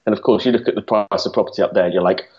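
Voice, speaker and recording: A man's voice: fairly low pitch, steady tone, rapid-fire, dull audio. A man co-hosting a podcast in casual chat, teasing and joking. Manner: teasing, jokey. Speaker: podcast co-host.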